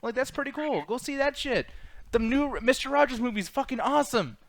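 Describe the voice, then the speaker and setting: A man's voice: very high-pitched, animated, fairly quick. A man hosting a casual livestream chat, rambling and swearing a lot, laughing as he talks. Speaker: podcast host.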